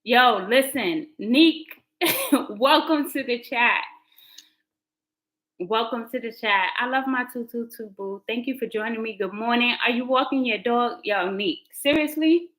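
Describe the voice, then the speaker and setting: A woman's voice: on the high side, measured pace, fairly bright tone, rough recording. Woman, casual live chat, chatty, laughing asides to viewers. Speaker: livestream host, tarot reader.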